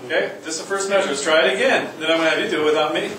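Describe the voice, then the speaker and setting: A man's voice: fairly high pitch, rapid-fire, fairly bright tone, distant mic, slight background noise. A man teaching a music class, joking with students and coaxing them to sing rhythms. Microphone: far from the mic. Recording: echoey room recorded from afar.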